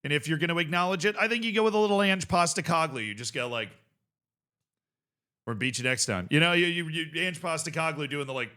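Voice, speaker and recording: A young man hosting a casual video reaction show, talking in an animated, rambling way with swearing and bursts of laughter. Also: fairly high pitch, fast talker, hardly any pauses. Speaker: host.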